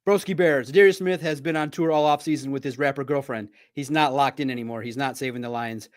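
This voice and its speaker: A man hosting a live sports talk stream, talking straight to his viewers in a playful, animated way. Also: mid-range voice, quick pace.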